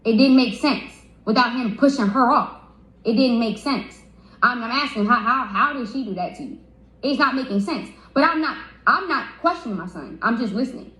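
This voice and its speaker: A woman's voice: a little high, lively intonation, moderate pace, fairly bright tone. A young woman telling a story on a livestream, stumbling and repeating words as she gets upset. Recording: roomy echo.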